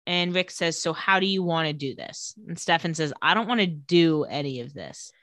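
Woman, podcast co-host, casual recap, animated retelling, dry close recording. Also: low-pitched, no echo. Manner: lively storytelling, acting out lines in quick voices. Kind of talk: casual chat.

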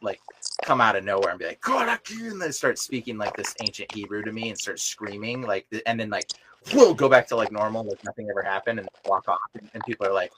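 A young man chatting casually on a podcast as a deliverance minister, telling animated stories full of filler words. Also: fairly low pitch, fast talker. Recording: noisy live recording with clicks.

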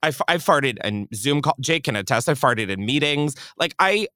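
A podcast host reacts to voicemails from callers with brash, profane, theatrical outrage. His pitch swings widely as he rants, and the sound is dry and close with no room echo. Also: animated, normal speed, sharp tone. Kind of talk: casual advice chat.

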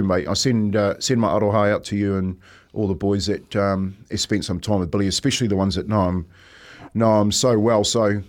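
A New Zealand man in his fifties, a radio co-host, talking in a reflective, storytelling way and often saying mate. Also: on the low side. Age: 50s. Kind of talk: casual radio chat. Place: radio studio.

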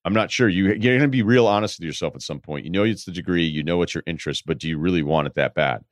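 Brief: young male podcast host, low voice, dry close sound, blunt and rambling with casual swearing. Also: quick pace, no room sound. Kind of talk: casual advice talk.

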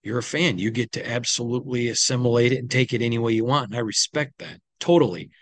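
A man's voice: medium pitch, fairly even intonation, fast talker, no room sound. Tired, opinionated man, dry recording. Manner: conversational, opinionated, with frequent ums and restarts. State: tired, yawning. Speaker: sports team insider host. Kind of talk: solo podcast recap.

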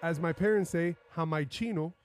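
A man hosting a podcast in a studio, joking and animated, tossing out shout-outs on a studio microphone. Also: medium pitch, normal speed, faint music behind. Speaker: podcast host. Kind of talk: casual podcast chat.

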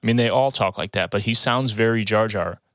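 A man hosting a casual podcast chat, joking and rambling and speeding up when excited. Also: lowish voice, brisk, dry recording, studio quality. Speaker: podcast host.

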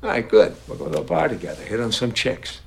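An actor playing a lonely old widower, folksy and reflective, in a film scene. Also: male voice, medium pitch, very animated, fast, vocal fry. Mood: wistful. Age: older.

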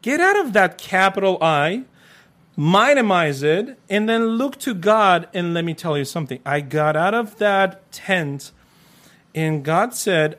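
A man with a somewhat high voice tells his story of faith as an interview guest. He preaches fervently, pushing hard on some phrases and dropping to a hushed intensity on others. His English carries an accent and non-native phrasing. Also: expressive, a little slow. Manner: fervent, preacherly, switches between loud urging and soft intensity. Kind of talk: emotional personal testimony.

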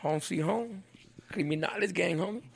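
High, gravelly man chatting. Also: normal speed, crowd noise. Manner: slangy, profane, laughs often. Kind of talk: casual chat.

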